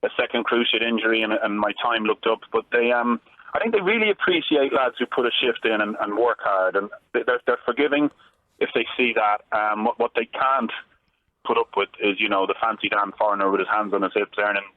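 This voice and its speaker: A man in the middle of the male pitch range chats as a radio guest, talking fast and easily with good humour. His voice comes through a narrow, tinny phone line and sounds dry and close. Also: no echo. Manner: easygoing, good-humoured, quick talker. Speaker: former footballer, radio guest. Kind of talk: casual interview chat.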